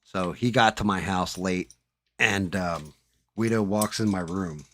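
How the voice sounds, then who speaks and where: A man's voice: deep voice, a little slow, a bit bright. A man hosting a live stream, chatting casually and swearing as he paints at his hobby desk, talking into a headset. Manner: profane, mutters to himself while working. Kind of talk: casual chat while painting.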